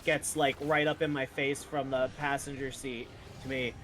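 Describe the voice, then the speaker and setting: A man's voice: medium pitch, level tone, normal speed, fairly bright tone, slight background noise. A man chatting casually with gaming friends, rambling through a story with lots of fillers and frequent laughter. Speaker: gamer streaming with friends. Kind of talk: casual chat.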